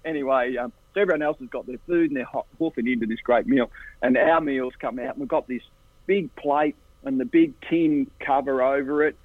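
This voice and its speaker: An Australian man, an interview guest, tells casual anecdotes in an animated way. He lifts his voice into higher impressions of the people in his stories. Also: a little fast, no echo. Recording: tinny phone line, dry and husky.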